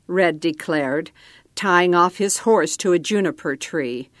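A woman reads a story aloud in a calm, measured way. Her voice sits fairly low and moves slowly, and the recording is close and dry. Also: no echo. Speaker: narrator. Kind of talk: scripted narration.

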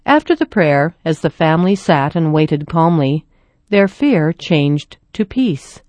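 A woman reading a children's story aloud in a gentle, even storytelling manner. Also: deep voice, measured pace, no echo. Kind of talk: scripted story narration.

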